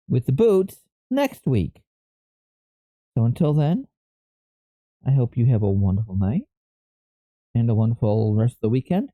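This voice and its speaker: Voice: mid-range voice, dark tone, dry recording. A live streamer chatting casually and thinking aloud, often stopping to correct themself.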